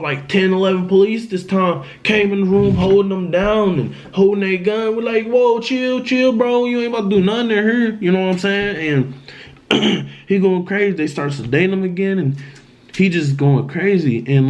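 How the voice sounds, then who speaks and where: A man's voice: fairly high pitch, darkish tone. Man telling a story in casual slang. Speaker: vlogger. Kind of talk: storytime vlog.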